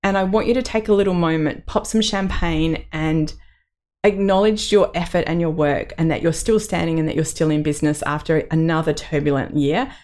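Casting: middle-aged woman, low voice, candid solo podcast host. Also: steady tone, a little fast, darkish tone. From Australia. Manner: candid and personal, with laughs and fillers.

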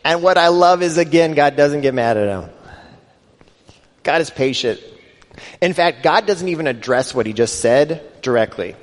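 A man's voice: on the high side, expressive, moderate pace, pauses often. Man preaching in a reverberant hall. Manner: conversational preaching, rising emphasis, quoting scripture in voices. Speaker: pastor. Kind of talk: sermon.

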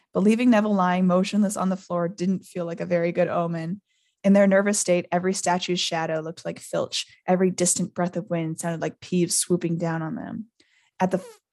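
A woman hosting a podcast, casually reading a novel aloud and lifting her pitch into lively voices for the characters' quoted lines. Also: gravelly, dry recording, studio quality.

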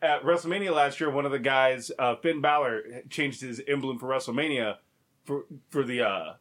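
A man's voice: medium pitch, normal speed, a bit bright. A man in casual chat, telling stories animatedly, acting out quotes and laughing often.

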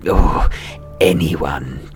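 A man's voice: extremely low pitch, gravelly, faint music behind, voice pushed down, heavily acted. Man playing a hissing lizardfolk guard. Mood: wary. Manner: slow hissing, whispery menace. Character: slow hulking male lizardfolk guard, wary. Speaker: game master voicing a guard.

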